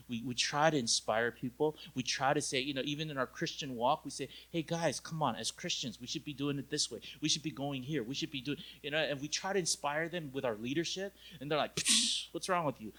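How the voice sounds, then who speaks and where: A young adult male pastor preaching a lively retreat sermon, talking to his listeners directly, asking them questions and acting out the quoted voices with big jumps in loudness. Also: mid-range voice. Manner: conversational, asks the audience direct questions.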